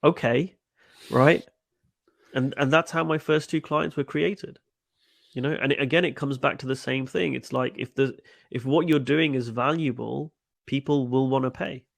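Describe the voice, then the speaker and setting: A man's voice: mid-range voice, steady tone, moderate pace, gravelly, no room sound. A middle-aged man, a coach, telling stories in a webinar, often repeating words and acting out quoted dialogue. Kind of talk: webinar interview answers.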